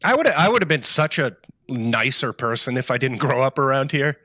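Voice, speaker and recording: A man's voice: medium pitch, animated, moderate pace, pushed and bright, dry recording, clean studio sound. A man from Rhode Island, co-hosting a chat show with crude, scornful remarks. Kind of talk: casual live-stream chat.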